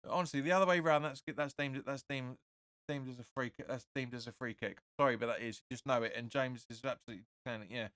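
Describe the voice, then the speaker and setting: Opinionated fan calling a match live. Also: male voice, mid-range voice, quick pace, no room sound, clean studio sound. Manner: excitable, opinionated, keeps saying "sorry, but no". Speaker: fan watch-along host. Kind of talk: live match commentary with chat reading.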